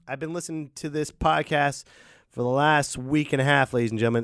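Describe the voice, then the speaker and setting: A man hosting a solo podcast, ranting in an animated, jokey way. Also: on the high side, a little fast, smooth, no echo, studio quality. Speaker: podcast host. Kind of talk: casual solo podcast rant.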